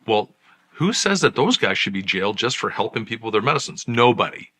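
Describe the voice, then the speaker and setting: A middle-aged psychiatrist and channel host talking straight to the camera, conversational and emphatic, full of rhetorical questions. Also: male voice, on the low side, sing-song, brisk, pushed and bright. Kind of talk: direct-to-camera commentary.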